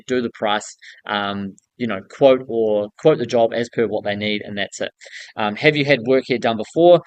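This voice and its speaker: A man talks straight to the camera like a coach, direct and casual with some slang, often tagging points with "okay?". His voice sits at an ordinary middle pitch and sounds close and dry. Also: dry recording. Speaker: building contractor coaching newcomers. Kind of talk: casual advice vlog.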